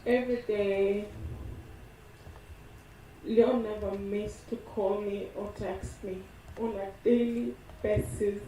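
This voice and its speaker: Slow, mellow woman giving a eulogy. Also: mid-range voice, steady tone, a little hiss or hum. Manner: tender, reminiscing, quoting loved ones. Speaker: eulogy speaker, partner of the deceased. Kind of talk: funeral tribute speech. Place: funeral service venue. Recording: echoey hall from far off.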